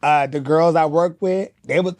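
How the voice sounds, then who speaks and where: Animated drag queen telling stories. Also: a little high, moderate pace, dry recording. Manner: animated, acts out quotes in raised voice. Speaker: guest, drag performer. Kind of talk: casual interview storytelling.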